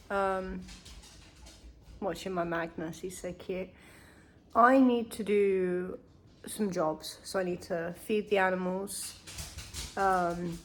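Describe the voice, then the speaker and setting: A woman's voice: medium pitch, steady tone, takes it slowly, pauses often, a little hiss or hum. A young woman chatting casually to camera in a vlog, candid and chatty with frequent swearing, while in pain. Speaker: vlogger.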